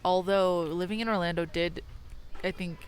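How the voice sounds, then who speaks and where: A woman's voice: on the low side, fairly even intonation, normal speed, a little hiss or hum. A young woman from Illinois, a comedian guest, chatting casually in a wine bar with wry, self-deprecating humor. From Illinois, USA. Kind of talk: casual chat.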